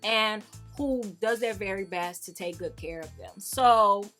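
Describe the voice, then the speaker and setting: A middle-aged woman and mother talking casually to camera as the host of her vlog, animated and at times sassy and emphatic. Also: medium pitch, unhurried, faint music behind. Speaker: YouTube creator.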